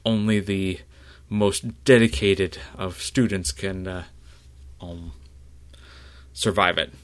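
A man puts on a male Jedi battle master who teases and then steadies new recruits. His voice is friendly and unhurried, a little raised above the narration, with frequent pauses. It is a low male voice lifted slightly for the role. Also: steady tone. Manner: teasing, then reassuring.

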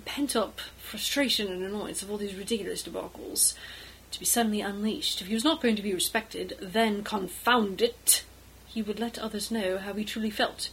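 Woman narrating a tabletop role-play. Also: slightly rough. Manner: switches between calm narration and loud, pitched-up in-character lines. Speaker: game master and player.

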